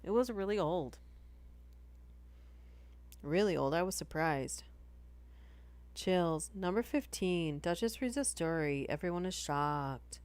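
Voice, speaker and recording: Low-voiced chatty woman streamer. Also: expressive, takes it slowly, pauses often, a little mellow, smooth. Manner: chatty, giggly, lots of "like". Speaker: streamer reading horror stories. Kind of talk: casual livestream chat.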